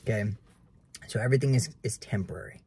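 A man's voice: lowish voice, lively intonation, fast, darkish tone, slightly rough. A man in his twenties preaching earnestly to camera in casual talk, keeps calling viewers guys. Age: 20s. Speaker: realtor vlogger.

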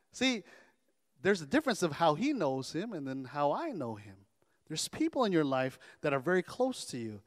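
A pastor preaches with a high-pitched voice, animated and calling for amens from his church. His words carry the long, ringing reverb of a large sanctuary. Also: normal speed. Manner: animated, call-and-response preaching. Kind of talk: sermon.

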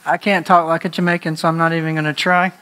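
A male pastor preaching a conversational sermon to his congregation, animated and joking, laughing at his own slips of the tongue. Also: on the high side, fast talker. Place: church sanctuary before a congregation.

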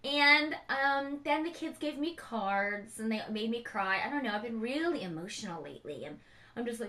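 A woman's voice: fairly high pitch, expressive, normal speed, sharp tone. A middle-aged mother chatting frankly and emotionally in a casual home vlog. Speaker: beauty vlogger, mother.

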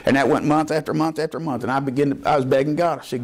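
A pastor preaching a Baptist sermon, calling out questions to the congregation and telling folksy stories. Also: male voice, fairly high pitch, steady tone, fast, hardly any pauses. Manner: folksy storytelling.

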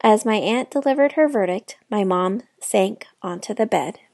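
A woman reading a children's novel aloud with clear storytelling narration. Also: medium pitch, expressive, normal speed, darkish tone, no echo, clean studio sound. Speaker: children's book reader.

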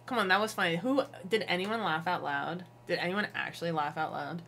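A woman's voice: lowish voice, brisk, gravelly, fairly bright tone, slight background noise. A young woman in her twenties hosting a livestream, chatting casually and answering her viewers. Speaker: livestream host.

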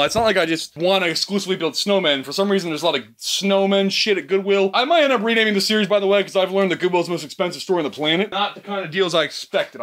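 A young man vlogging from his basement, talking in a rambling, profane, excitable way while sleep deprived and tired. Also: sits high. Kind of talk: chaotic comedy vlog. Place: home basement.

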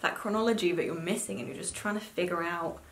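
A woman's voice: fairly low pitch, fast talker, slight background noise. A young woman in her twenties chatting casually as a book vlogger, swearing freely and filling her talk with "like". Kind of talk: casual chat. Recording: echoey room with faint music.

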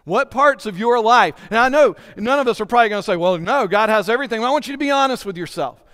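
A man with a fairly high, smooth and resonant voice delivers an earnest sermon, putting questions straight to his congregation. His words ring out with a long hall reverb in a church. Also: lively intonation, fast talker, bright, forceful tone. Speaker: pastor. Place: church sanctuary.

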